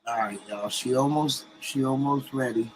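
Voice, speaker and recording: A man's voice: mid-range voice, normal speed, a little hiss or hum, poor audio. A man co-hosting a casual live stream. He chats loosely with viewers and greets them by name. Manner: chatty, greets viewers, colloquial.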